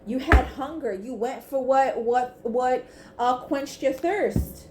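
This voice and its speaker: A woman's voice: high voice, slow, darkish tone, slight background noise. A woman giving a casual tarot reading to camera, blunt and emphatic, swearing freely. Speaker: tarot reader. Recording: echoey room with faint ambience.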